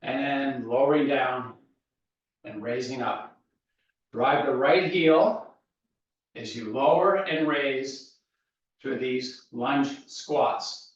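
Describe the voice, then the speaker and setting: A slightly winded man talks students through lunges and stretches with calm, steady cues. His voice sits at an ordinary middle pitch. He sounds far from the mic in a very echoey room, and the sound is dull. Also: slow pace, pauses often. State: out of breath. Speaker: fitness instructor. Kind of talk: guided workout instruction.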